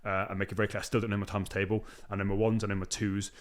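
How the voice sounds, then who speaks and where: A man in his thirties, a podcast host, telling his own story in a candid conversation with rapid, emphatic delivery and many restarts. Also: on the low side, flat delivery.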